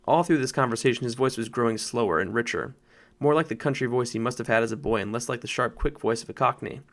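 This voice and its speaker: A man narrating a children's novel in a measured storytelling read. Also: mid-range voice, a bit bright. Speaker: audiobook reader. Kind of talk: audiobook narration.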